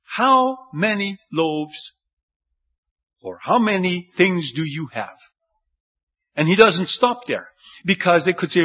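Animated preacher man, lively pitch. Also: takes it slowly, long pauses, husky. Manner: animated, acts out the disciples' lines with rising pitch. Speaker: pastor. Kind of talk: sermon. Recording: dull lo-fi sound.

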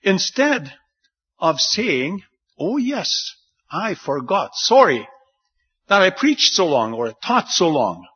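Animated preacher man, lively pitch. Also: slow pace, husky. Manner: animated, acts out the disciples' lines with rising pitch. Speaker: pastor. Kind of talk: sermon. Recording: dull lo-fi sound.

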